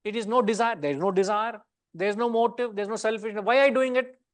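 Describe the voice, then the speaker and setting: A middle-aged man with an Indian English accent gives a Gita lesson in a loose, teasing, talkative way, dropping in Indian words. His voice sits high for a man. The sound is close and dry. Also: fast, no room sound. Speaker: Gita teacher. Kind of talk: lecture to a study class.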